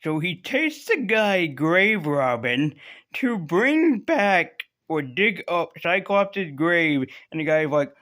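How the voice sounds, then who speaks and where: A man's voice: sits high, big pitch swings, unhurried, fairly bright tone. A man casually reviewing comic books in a rambling, sarcastic way, swearing freely.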